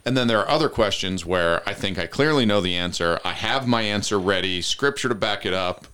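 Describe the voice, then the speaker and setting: A low-pitched man hosting a casual podcast discussion. He talks through things methodically, keeps steering back to defining terms, and laughs easily along the way. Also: animated, a little fast, sharp tone, clear, resonant tone. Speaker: podcast host. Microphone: headphones with studio mic.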